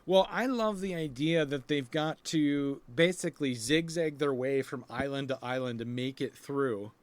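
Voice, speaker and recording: A man's voice: mid-range voice, moderate pace, dry recording. A man co-hosting a comics podcast in casual chat, congested, enthusiastic and chatty. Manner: enthusiastic, chatty, laughs often. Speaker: podcast co-host.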